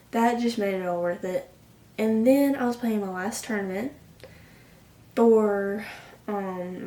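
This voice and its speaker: A vlogger in her late teens tells a personal story emotionally and ramblingly, saying "like" constantly. Her voice is medium-pitched with a darkish tone, and a distant mic gives the recording a roomy sound.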